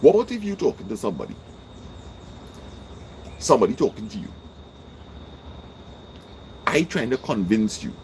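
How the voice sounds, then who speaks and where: A man with a Trinidadian accent giving a casual motivational talk, emphatic and repeating his points, his voice jumping high when he makes them. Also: wildly swooping pitch, normal speed, pauses often, a little mellow, a little hiss or hum. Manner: emphatic, repeats lines for effect, jumps high in pitch. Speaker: vlogger.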